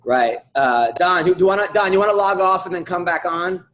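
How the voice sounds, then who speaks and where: A man with a notably high voice hosts a comedy podcast. He tells a long story casually, stumbling over his words, restarting sentences and leaning on filler words. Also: animated, fairly quick, a bit bright, rough recording.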